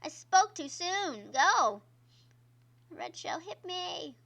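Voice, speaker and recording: A woman's voice: very high-pitched, big pitch swings, extremely slow, gravelly, a bit bright. A woman streamer giving casual gameplay commentary, chatty and exclaiming at the game while talking to her viewers. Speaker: gaming streamer. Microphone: own microphone.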